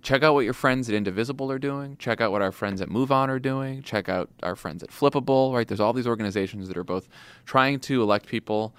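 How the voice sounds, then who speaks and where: A man's voice: medium pitch, fast talker, fairly bright tone, clear, resonant tone, dry recording. A man hosting a podcast, talking in an earnest, encouraging, conversational way. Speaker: podcast host. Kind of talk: casual political chat.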